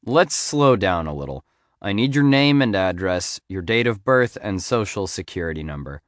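A man's voice: deep voice, expressive, moderate pace, dry recording, clean studio sound. A man reading the part of a middle-aged male FBI agent in an audiobook, curt and a bit patronizing. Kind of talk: audiobook character voice.

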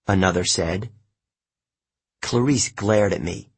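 A man narrates an audiobook in the first person with a husky, rough-edged voice. He takes his time, reading slowly and steadily in a plain, measured way. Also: sits low.

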